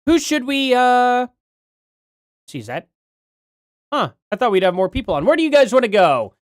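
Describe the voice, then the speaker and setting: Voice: mid-range voice, big pitch swings, moderate pace, no room sound, clean studio sound. A livestream host chatting casually from home, rambling and correcting themself while reading out donations. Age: adult parent.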